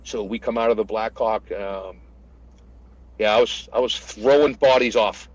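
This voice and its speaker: A retired American master sergeant, a man, retelling combat stories in casual conversation and acting out the shouted lines. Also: lowish voice, a little slow, muffled recording. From United States. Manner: animated retelling, acts out shouted quotes. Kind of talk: conversational war storytelling.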